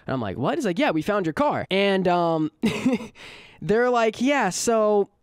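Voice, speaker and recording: Young male storyteller, slangy and animated, higher voice, dry close sound. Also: slow pace, clear, resonant tone, no echo. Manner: animated, slangy, laughs at his own bad luck. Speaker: storytelling YouTuber. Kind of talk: casual storytime vlog.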